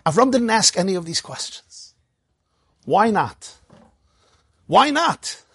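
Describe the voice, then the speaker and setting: A man teaching a Torah class as a rabbi, animated and playful, firing off rhetorical questions and jokes. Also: high-pitched, measured pace, husky, dry recording.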